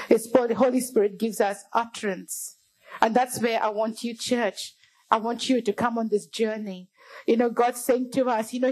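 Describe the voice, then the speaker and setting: High-voiced woman preaching a fervent sermon. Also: darkish tone, low-quality recording. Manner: fervent, addresses the congregation as church. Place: church.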